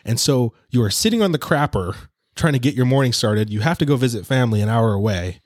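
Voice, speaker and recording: A man's voice: medium pitch, animated, fast talker, a little mellow, no echo. Chatty joking man, dry close sound. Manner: rambling, joking, laughs often. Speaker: podcast host. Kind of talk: casual chat.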